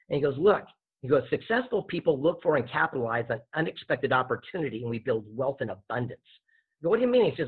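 A man, a podcast guest and author, telling a story with lively acted-out dialogue. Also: fairly high pitch, quick pace, husky. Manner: animated storyteller acting out dialogue. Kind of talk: storytelling interview answer. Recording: tinny phone-like line.

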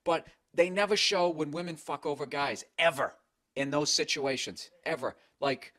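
A man's voice: on the high side, moderate pace, pushed and bright, no echo, studio quality. A middle-aged man with a Boston accent, hosting a comedy podcast in a blunt, profane, rambling rant.

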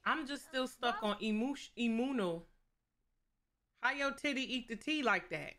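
A woman's voice: on the high side, a little slow, bright, forceful tone. A young woman streaming a life-sim game, joking with her chat in a playful, slangy, casual way. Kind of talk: casual gameplay commentary.

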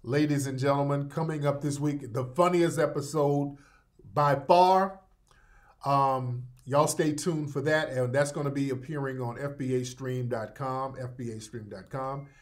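A man's voice: mid-range voice, a little slow. A man hosting a live talk show, commenting with laughter and mockery, then reading plugs for products. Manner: laughing, mocking, animated ad reads. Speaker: host.

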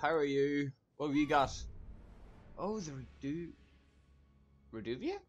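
A man giving excitable live gameplay commentary, laughing often and swearing casually. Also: on the high side, a little slow, dull audio. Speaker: gaming YouTuber.

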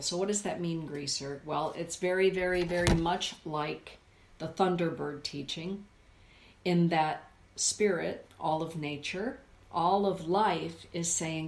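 A woman's voice: lowish voice, steady tone, slow, echoey room. A woman hosting a live stream, reading oracle cards and reflecting aloud as she addresses her chat viewers by name. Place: indoor room with a forest view.

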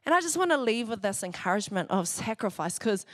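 In a fast, sing-song, fairly bright mid-range voice, a woman pastor chats through a sermon in a church hall. She laughs often and acts out others' words, captured in studio-quality audio.

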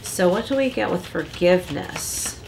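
Chatty lower-voiced woman reading tarot. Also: animated, moderate pace, vocal fry, noisy background. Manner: chatty, lots of likes and rhetorical rights; acts out little quoted lines. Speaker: tarot card reader. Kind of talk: casual tarot reading talk.

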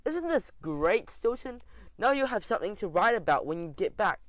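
A man voicing a boisterous, adventurous male mouse karate master who talks loudly. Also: high voice, big pitch swings, moderate pace, no echo, pitched above the performer's own voice. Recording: dull dry audio.

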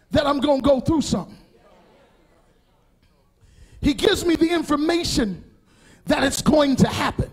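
A middle-aged pastor preaching a sermon, building to shouts and chanted, half-sung phrases. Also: male voice, extremely high pitch. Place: church sanctuary before a congregation.

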